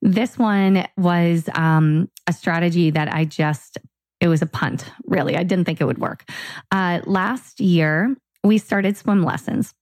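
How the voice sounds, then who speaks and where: A woman's voice: on the low side, unhurried, no room sound. A woman co-hosting a podcast, telling a family story in casual chat and acting out the dialogue. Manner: animated storyteller, acts out dialogue. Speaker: podcast co-host.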